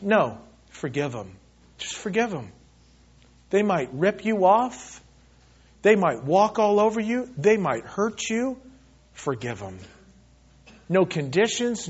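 A man preaching a sermon, reading scripture aloud and moving between loud, pleading lines and soft, hushed ones. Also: high voice, highs cut off. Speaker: pastor.

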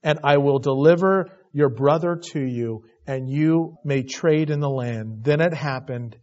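Reading passages of scripture and then recounting them in a conversational tone, a male Bible teacher builds emphasis through an expository sermon. His medium-pitched voice is a little mellow and measured in pace, on a dull lo-fi recording.

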